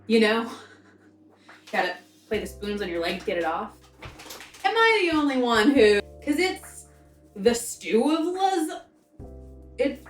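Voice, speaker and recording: A young woman talks her way through a recipe in a loose, self-interrupting ramble, her voice sitting a touch high. She sounds distant from the mic, in a roomy kitchen with an echo and faint music underneath. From American South. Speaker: cooking vlogger. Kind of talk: casual cooking vlog chat. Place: home kitchen. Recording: echoey kitchen, mic far off.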